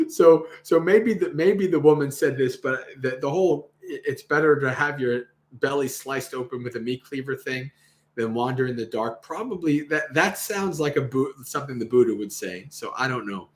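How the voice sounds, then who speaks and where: A man's voice: medium pitch, animated, moderate pace. A man hosting a livestream, reading a Buddhist sutta aloud and commenting casually, laughing often and acting out the quoted lines. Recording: roomy echo.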